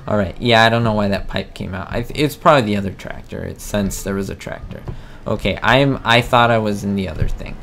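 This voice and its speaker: A man giving casual, jokey commentary over a farming game, talking straight to his viewers and jumping to high squeaks when confused. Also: fairly quick, gravelly, a little hiss or hum. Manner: excitable, jokey, talks to viewers. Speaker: gaming video host. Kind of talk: casual let's play commentary.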